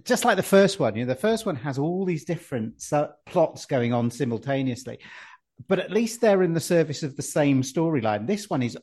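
A man's voice: fairly high pitch, big pitch swings, normal speed, a little mellow, husky. Chatty man rambling about comics. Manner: chatty, rambling, with frequent tag questions and fillers. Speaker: podcast co-host. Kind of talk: casual chat about comics.

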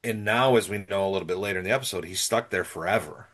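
Lower-voiced guy on a podcast, thoughtful, casual commentary on an episode. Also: fast talker, fairly bright tone. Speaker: podcast co-host. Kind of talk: casual chat.

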